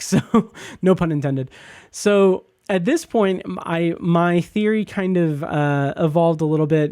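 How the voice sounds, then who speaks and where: A man hosting a podcast, reviewing a TV episode in a casual, halting way with lots of fillers and restarts, enthusiastic about what he likes. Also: fairly high pitch, dark tone, no room sound, clean studio sound.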